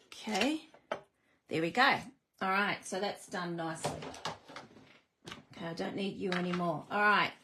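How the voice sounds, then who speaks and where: Chatty woman hosting a live card-making stream, lower-pitched, teasing herself as she works. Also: moderate pace, long pauses, background noise. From Australia. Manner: chatty, self-deprecating, greets viewers. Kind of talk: live craft demonstration.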